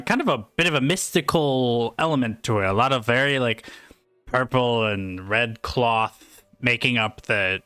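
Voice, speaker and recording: Brief: man narrating a tabletop session, rambling with fillers, bright voice. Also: medium pitch, no echo. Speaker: game master.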